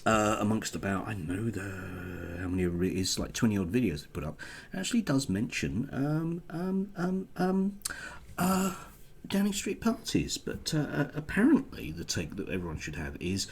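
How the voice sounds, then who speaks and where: A man's voice: lowish voice, very animated, vocal fry, husky. Sarcastic man with a swooping voice. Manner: sarcastic, halting with many fillers. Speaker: political commentator. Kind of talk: casual vlog monologue.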